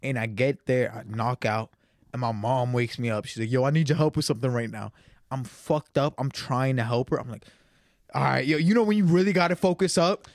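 A man's voice: medium pitch, fairly quick, dry recording, studio quality. A young man telling a laid-back, slangy story about a night out in casual chat with friends.

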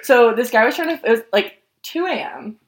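A young adult woman co-hosting a podcast, telling a story in a lively, profane way with many "like" fillers. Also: a little high, moderate pace. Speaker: podcast co-host. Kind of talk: casual storytelling chat.

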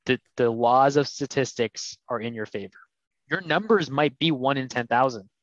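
A man's voice: medium pitch, moderate pace. A man co-hosting a casual podcast, candidly explaining and retelling his conversations. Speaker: podcast co-host. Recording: dull, dry sound.

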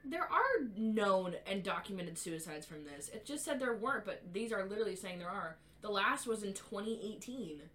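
A young woman co-hosting a casual podcast, reading articles aloud haltingly and reacting with disbelief. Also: mid-range voice, animated, fairly bright tone, poor audio. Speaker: podcast co-host.

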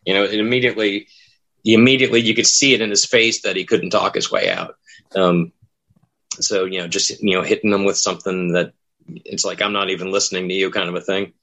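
A man's voice: low voice, little pitch movement, a little fast, a bit bright. A man who works as a haunted attraction actor, telling stories in casual chat and acting out what people said. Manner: rambling storyteller, acts out quoted lines.

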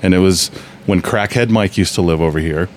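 A man's voice: low voice, brisk, a little hiss or hum. A man telling stories in a casual podcast chat, rambling and restarting often.

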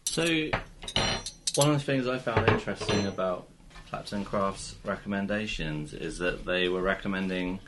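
A man in a casual chat over a meal, talking in a measured, explanatory way. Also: low-pitched, noisy background.

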